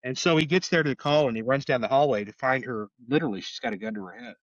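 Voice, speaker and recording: Talking fast in a mid-range voice, a middle-aged Oklahoma man who works as a homicide detective shares stories on a podcast interview. He is earnest, repeats words often and performs quoted voices; the lo-fi audio comes from a distant mic without echo.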